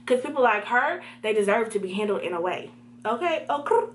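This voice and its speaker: A young woman telling a story to her viewers in a lively, direct way, with a mid-range voice. A faint hiss sits under her talk. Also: medium pitch, quick pace. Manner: animated, talks to viewers directly. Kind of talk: storytime vlog.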